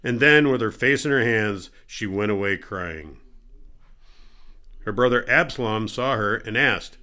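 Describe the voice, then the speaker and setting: A man giving a daily Bible reading in a steady, measured way. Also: lowish voice. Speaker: scripture reader.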